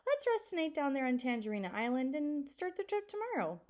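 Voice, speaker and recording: Woman doing a gentle grateful baby dragon for a storybook, friendly and eager, lively pitch. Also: fairly quick.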